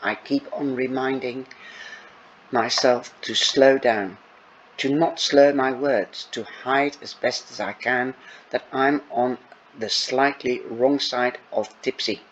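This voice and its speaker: A man reading a novel aloud in the first person, unhurried with small stumbles. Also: medium pitch, fairly even intonation, muffled recording. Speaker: audiobook reader. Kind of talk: first-person audiobook narration.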